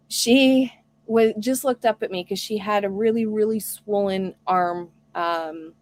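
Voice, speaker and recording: A woman hosting a casual live stream, talking earnestly and reading viewer comments aloud. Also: mid-range voice. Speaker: homestead live stream host.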